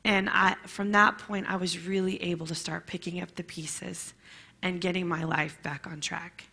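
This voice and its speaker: A middle-aged woman telling her personal story to a class in a candid, emotional, halting way. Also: on the low side, steady tone, creaky, pushed and bright. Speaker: bereaved mother sharing her story.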